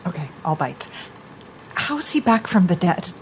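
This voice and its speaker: An actress playing a skeptical young adult daughter who speaks in a wry, blunt way. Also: female voice, on the low side, very animated, a little slow, a little hiss or hum.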